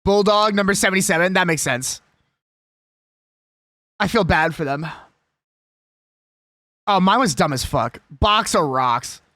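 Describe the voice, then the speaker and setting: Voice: mid-range voice, animated, measured pace, pauses often, fairly bright tone, no room sound, clean studio sound. A young adult live streamer chatting casually and with strong opinions while reading a list aloud.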